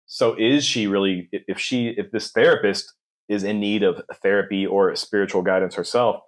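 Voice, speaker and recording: A man co-hosting a podcast who argues a point in a measured way in casual chat. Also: lowish voice, steady tone. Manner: measured, arguing devil's advocate. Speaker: podcast co-host.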